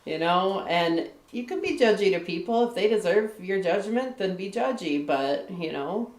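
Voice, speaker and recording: A woman's voice: on the low side, lively intonation, moderate pace, a little mellow, reverberant. A woman from Michigan, a guest author on a live stream, talking candidly in casual chat, with a lot of "like" and "you know" and frequent laughs.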